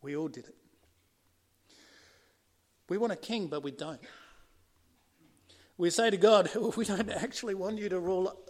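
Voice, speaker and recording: Male preacher with a high voice, earnest sermon delivery that swings from emphatic to quiet. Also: unhurried, long pauses.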